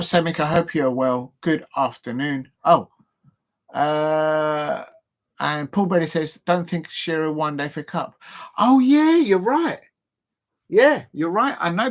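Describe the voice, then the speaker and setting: A man from England hosting a live football show, casually rambling through match predictions and chatting to his viewers. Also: mid-range voice. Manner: rambling, self-deprecating, talks to viewers.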